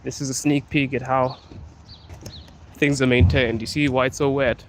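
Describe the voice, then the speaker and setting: A man from Africa live-streams a walking vlog through city streets, chatting casually, laughing often, and replying to viewers' comments. His mid-range voice has a flat delivery and a moderate pace. The outdoor street recording is noisy.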